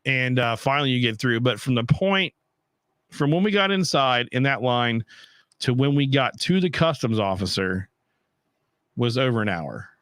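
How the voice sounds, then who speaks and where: A young man, the host, telling a travel story in an animated, profane rant. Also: medium pitch, moderate pace, no echo. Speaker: podcast host. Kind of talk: casual storytelling.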